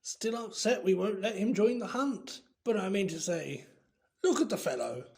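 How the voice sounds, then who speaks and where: A reader voicing Sir Patrick, a hearty headless horseman ghost who talks in a loud, mocking way. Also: mid-range voice, animated, normal speed, gravelly. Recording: roomy echo.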